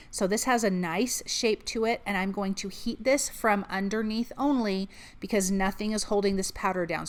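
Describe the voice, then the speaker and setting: Chatty woman explaining her card making. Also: mid-range voice. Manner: chatty, upbeat, walks through each step. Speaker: card-making channel host. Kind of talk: crafting tutorial voice-over.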